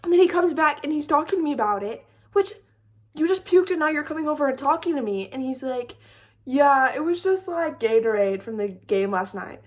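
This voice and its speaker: A young woman telling a storytime vlog story in a chatty, animated way, full of "like". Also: sits high, brisk. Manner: chatty, lots of "like", animated retelling. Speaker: storytime creator. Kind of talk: casual storytime chat.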